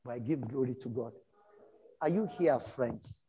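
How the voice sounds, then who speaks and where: A middle-aged man from Nigeria with a Nigerian English accent, preaching a sermon and telling stories from his own life, animated and breaking into shouts. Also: mid-range voice, a little slow, breathy edge, rough recording. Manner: animated storytelling, bursts into shouts. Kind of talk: sermon with personal testimony.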